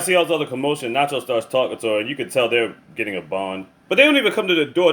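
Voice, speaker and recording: A man casually recapping a movie plot in slangy, profane, animated storytelling, acting out the characters' lines. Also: medium pitch. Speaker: movie reviewer.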